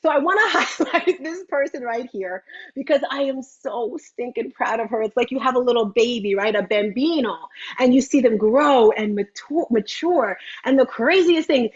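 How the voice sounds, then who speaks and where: A woman hosting a motivational livestream, talking in a chatty, animated way with teasing asides. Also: a little high, normal speed, husky, dull audio. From United States. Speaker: host. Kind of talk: lively motivational livestream talk.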